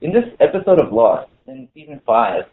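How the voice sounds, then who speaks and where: A man gives a relaxed, chatty sermon, leaning on "you know" and restarting his sentences as he goes. His voice sits at an ordinary middle pitch. The recording is thin and tinny, like it came over a phone line. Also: moderate pace. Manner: conversational, full of "you know" fillers and restarts. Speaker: pastor. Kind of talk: casual sermon to a small congregation.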